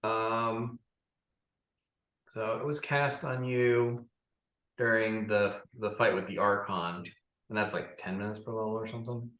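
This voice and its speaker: A man's voice: lowish voice, steady tone, a little slow, pauses often, fairly bright tone, roomy sound, poor audio. A man running a tabletop game as game master, reading out rules with frequent fillers. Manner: explains rules at length with fillers.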